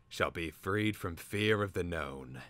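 A man's voice: low-pitched, animated, takes it slowly, fairly bright tone, no room sound, heavily acted. A man doing a grumbling creature peddler. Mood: solemn. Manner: complaining, wheedling salesman. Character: grumbling male creature peddler, wary, shrewd. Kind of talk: dramatic reading.

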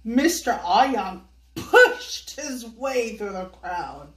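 Grandmotherly woman reading to children, slow and echoey. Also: a little high, expressive, a bit bright. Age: older. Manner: slow, sing-song, coaxing questions to kids. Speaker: children's storyteller. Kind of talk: reading a picture book to children. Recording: echoey room, voice from a distance.

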